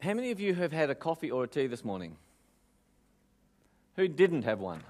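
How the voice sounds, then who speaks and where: Australian male speaker, lively joke-teller, fairly high voice. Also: brisk. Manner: lively joke-telling, audience questions. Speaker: motivational speaker. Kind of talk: live motivational talk with jokes.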